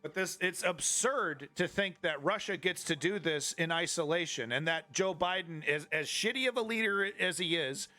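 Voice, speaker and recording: A man's voice: fairly high pitch, normal speed, hardly any pauses, pushed and bright, faint music behind. A man ranting about politics on a live stream, profane and flippant, often restarting his sentences. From Canada.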